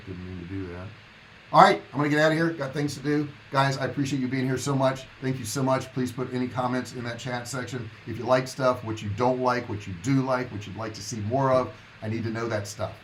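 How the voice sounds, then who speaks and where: A man's voice: mid-range voice, a little hiss or hum, low-quality recording. A man hosting a casual live stream, talking to his viewers in a loose, rambling, chatty way. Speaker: livestream host.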